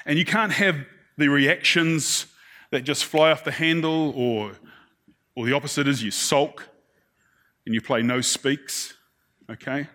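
Preacher, man, slightly high-pitched, relaxed conversational sermon delivery that often checks in with the congregation. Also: a little slow, long pauses. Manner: conversational, keeps checking in with the listeners; acts out the people he describes.

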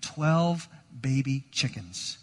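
A man's voice: mid-range voice, lively intonation, takes it slowly, a little hiss or hum. A man playing a nervous teenage boy who hesitates and stammers, in a hall with long reverb.

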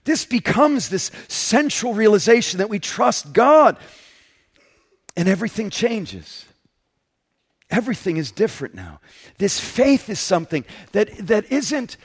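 High-voiced man preaching with emphatic swings. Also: big pitch swings, unhurried, breathy edge. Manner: emphatic, swings from loud to hushed; conversational, asks "right?". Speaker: pastor. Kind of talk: sermon.

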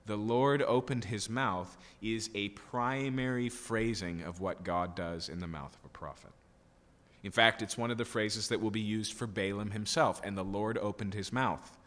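A man's voice: fairly low pitch, normal speed, fairly bright tone. A man preaching an expository sermon, emphatic and full of rhetorical questions and checking "okay?" tags. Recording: long hall reverb.

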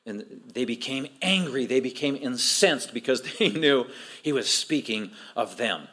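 A man's voice: medium pitch, lively intonation, unhurried, pushed and bright, breathy edge. A middle-aged male pastor preaching an expository sermon, acting out quoted voices with emphatic rises.

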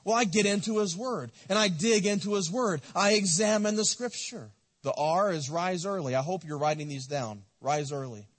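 High-voiced pastor preaching in an echoey hall. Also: male voice. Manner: exhorting, repetitive, asks the congregation questions. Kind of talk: sermon. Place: church sanctuary.

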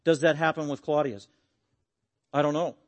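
An earnest, animated man preaching a sermon and closing in prayer. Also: on the high side, normal speed. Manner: earnest, animated, acts out quotes.

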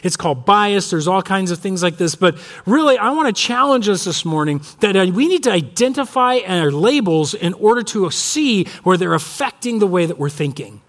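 A male pastor preaching in a loose, conversational way, leaning on fillers and restarts. His speaking voice sits fairly high for a man, and he moves between prayer and storytelling. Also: sing-song, moderate pace, hardly any pauses, a bit bright. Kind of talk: sermon with storytelling.

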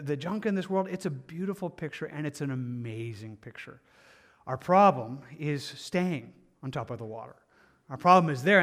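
Pastor, male, slightly high voice, lively sermon delivery moving from booming to hushed. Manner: animated, swings between loud emphatic and soft hushed.

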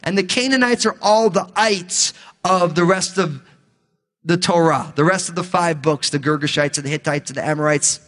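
A male pastor teaching the Bible in a relaxed, conversational way, with jokey asides between scripture readings. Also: sits high, moderate pace, in a large hall.

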